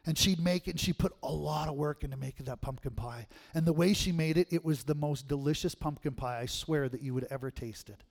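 A man preaching with animated energy, his voice a little higher than most men's. He swings between loud punchy bursts and quiet asides, laughing as he tells stories. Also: brisk, gravelly, hardly any pauses. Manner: animated storytelling, laughs often. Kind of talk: sermon.

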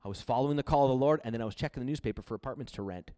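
A man's voice: medium pitch, rapid-fire, mellow. A man from Canada preaching a sermon, telling his own story in an earnest, confessional way. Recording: long hall reverb.

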